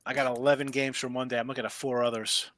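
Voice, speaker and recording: A man's voice: medium pitch, fast talker. A man co-hosting a casual sports betting stream, rambling through stories and laughing often. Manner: rambling, animated storyteller who laughs often. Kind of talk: casual chat.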